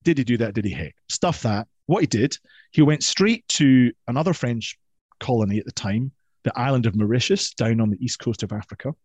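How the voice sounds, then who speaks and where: A man's voice: mid-range voice, a little fast, darkish tone, slightly rough, no echo. Guy telling a history story, playful and emphatic, mid voice, dry close sound. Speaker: guest historian.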